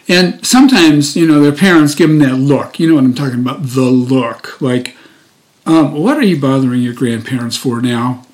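A deacon in his sixties giving a chatty, informal daily gospel reflection, full of fillers and restarts. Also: fairly high pitch.

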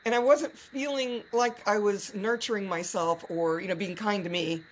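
A woman's voice: medium pitch, steady tone, normal speed, a little hiss or hum. Playful, gushing woman podcast host. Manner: playful, gushing, swears casually; hams up a put-on Southern drawl at times. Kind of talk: casual chat.

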